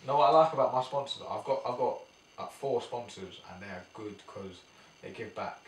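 Young boxer, low-key slangy chat, echoey room, distant mic. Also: male voice, brisk. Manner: laid-back slangy banter. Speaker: professional boxer guest. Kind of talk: casual chat.

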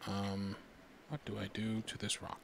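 A man plays a video game and talks to himself in a lowish, easygoing voice. He mutters as he works out each puzzle, then jumps up in excitement now and then. A faint hiss sits under his desk-mic recording. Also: a little slow, vocal fry. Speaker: gaming streamer. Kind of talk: casual let's-play commentary.

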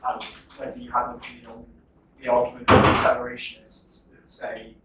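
A man in the audience asks a question in a flat, monotone voice, hesitating with fillers. He sounds distant from the microphone, in a hall full of echo and noise. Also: medium pitch, a little fast. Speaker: audience member asking a question. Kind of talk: question from the floor. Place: lecture hall. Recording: echoey hall from far off, noisy.

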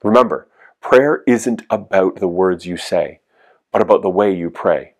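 Earnest lower-voiced youth pastor. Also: male voice, unhurried. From Canada. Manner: earnest, encouraging, repeats key phrases. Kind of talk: youth sermon.

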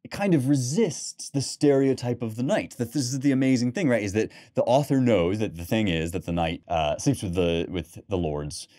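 A young man hosting a podcast, reading poetry aloud and then discussing it in an animated, emphatic way, with fillers and restarts. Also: mid-range voice, moderate pace, hardly any pauses. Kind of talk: lecture-style commentary with read passages.

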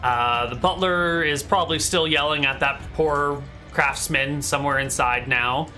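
A man serves as game master for a tabletop role-playing game, describing rooms and sounds in a relaxed, rambling way full of fillers. His voice is bright and slightly high, and faint music sits underneath. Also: unhurried. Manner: casual, describing scenes with many fillers.

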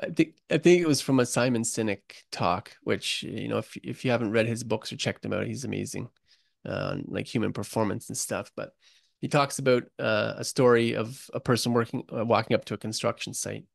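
Man, podcast guest, earnest and emotional, gravelly voice, dry close sound. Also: on the low side, fairly quick, no echo. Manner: earnest, emotional storyteller, calls the host buddy. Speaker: guest, construction author. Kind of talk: casual podcast interview.

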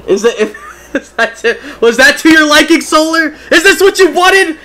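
Bright, high-voiced excitable male streamer. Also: moderate pace, slight background noise. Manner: excitable, giggly, talks to chat. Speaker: game streamer. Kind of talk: casual live-stream chat.

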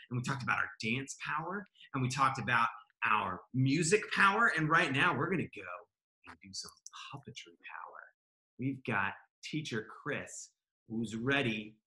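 Upbeat male kids'-show host, bright and animated, heard on a roomy video call. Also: fairly high pitch. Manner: cheerful, encouraging. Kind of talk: upbeat children's show hosting.

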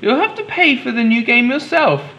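A man doing a high-voiced storybook mum. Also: big pitch swings, moderate pace, pushed and bright, dull audio, exaggerated voice. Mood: firm. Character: practical mum dinosaur, firm but kind.

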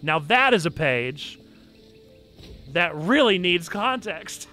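A man's voice: a little high, very animated, takes it slowly, pauses often, pushed and bright. A man hosting a livestream, chatting casually and reading aloud to his audience with self-mocking humor. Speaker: livestream host. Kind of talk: casual game stream chat. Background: game music.

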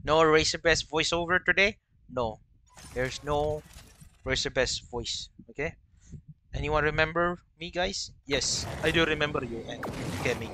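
A man hosting a livestream, commenting on his racing game play and chatting with viewers, with excited yelps and laughs at the action. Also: on the high side, measured pace, a little hiss or hum. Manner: chatty, answers viewers' chat between races. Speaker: livestream host. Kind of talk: live gameplay commentary.

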